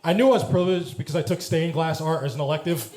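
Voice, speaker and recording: A young man in his twenties does a stand-up set in a comedy club, his delivery dry and proper-sounding. His voice is fairly high and fast, picked up on a handheld stage mic in a very noisy, roomy live space as the audience laughs.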